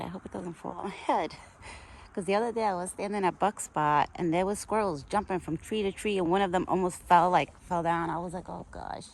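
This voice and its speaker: A woman's voice: lowish voice, vocal fry, slight background noise. A woman vlogging outdoors while feeding her pet deer, chatty, cooing to it in baby talk now and then. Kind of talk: casual outdoor vlog. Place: outdoors in a wooded yard.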